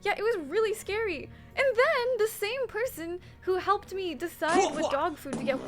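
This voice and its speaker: High-voiced young woman, rambling stream chat. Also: a little slow, over music. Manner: rambling and profane, chatting with viewers. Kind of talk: casual chat while doing makeup on stream.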